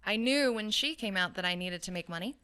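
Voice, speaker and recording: A woman's voice: medium pitch, lively intonation, fairly quick, bright, forceful tone, clear, resonant tone. A woman in her thirties from the San Francisco Bay Area, telling her story as a guest in a casual interview, candid and chatty with frequent laughs and fillers. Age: 30s. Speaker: guest fashion designer.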